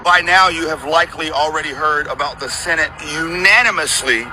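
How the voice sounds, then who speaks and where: A man's voice: on the high side, a little fast, a crowd in the background, low-quality recording. A man giving an emphatic political speech.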